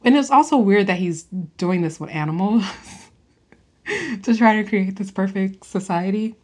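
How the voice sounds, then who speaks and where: A woman's voice: medium pitch, animated, normal speed, slightly rough. A young woman in casual chat, rambling through a film review with fillers and laughs. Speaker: podcast host reviewing a film.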